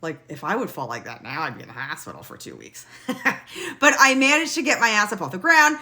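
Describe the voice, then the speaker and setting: A middle-aged woman casually telling a personal story in a blunt, lively way, swearing now and then. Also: medium pitch, brisk, noisy background.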